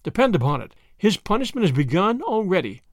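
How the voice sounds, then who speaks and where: A man's voice: high voice, sing-song, fairly quick, no echo, studio quality. A man voicing a fretful chatty grandmother. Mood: gossipy. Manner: fussy, breathless, easily flustered.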